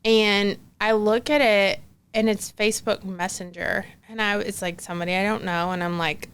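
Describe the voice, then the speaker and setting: A woman's voice: mid-range voice, steady tone, normal speed, a bit bright, clean tone. A young woman guest on a podcast telling a personal story in a casual, chatty way, full of fillers and acted-out quotes. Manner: chatty, many fillers like "like", acts out quoted dialogue.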